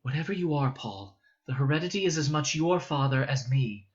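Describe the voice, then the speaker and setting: A man reading aloud voices a calm, gentle noblewoman mother who speaks softly and soothingly in her grief. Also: mid-range voice, moderate pace, highs cut off, close to an everyday voice. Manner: soft, soothing.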